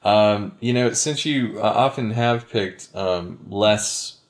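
A woman's voice: a bass voice, slow. A woman interviewing a guest, murmuring agreement and asking questions with hesitant fillers. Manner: soft backchanneling, hesitant questions. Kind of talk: casual interview.

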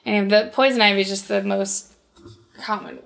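A woman's voice: mid-range voice, steady tone, normal speed, gravelly, fairly bright tone. A woman cosplayer chatting casually in an interview, with lots of fillers and restarts. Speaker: cosplayer guest.

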